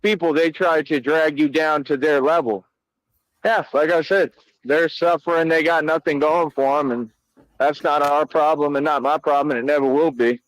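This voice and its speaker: A man ranting slowly and boastfully, repeating himself and speaking in casual slang. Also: a little high, fairly even intonation, rough recording. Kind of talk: boastful rant.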